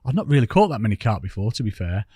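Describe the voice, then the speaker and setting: A man's voice: fairly low pitch, big pitch swings, very fast, dark tone, slightly rough, no room sound, studio quality. A man from England, a podcast guest and angler, telling stories in a chatty, rambling, self-mocking way. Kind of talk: casual storytelling interview.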